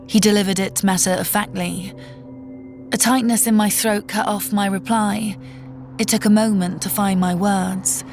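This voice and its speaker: A woman's voice: mid-range voice, steady tone, darkish tone. Woman narrating horror, faint music. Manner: tense, measured storytelling.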